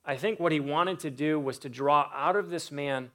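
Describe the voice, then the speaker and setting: Earnest preacher, man with a higher voice. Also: a bit bright. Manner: earnest, preaching with pauses and rhetorical questions. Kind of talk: sermon.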